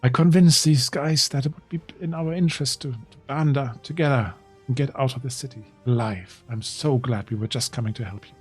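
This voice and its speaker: A man's voice: mid-range voice, a little fast, few pauses, faint music behind, close to an everyday voice. A man voicing an injured prince with a slightly broken, weak voice. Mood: relieved.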